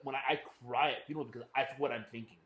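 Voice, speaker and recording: A man co-hosting a casual podcast, talking earnestly and growing quiet on serious points. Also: mid-range voice, fairly even intonation, very fast, echoey room. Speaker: podcast co-host. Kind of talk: casual chat.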